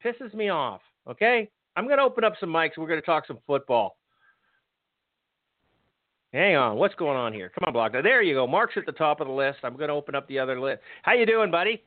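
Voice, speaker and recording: Angry sarcasm and constant profanity drive this man's football podcast rant. His fairly high voice is brisk and sing-song, captured dry with a tinny, phone-like quality.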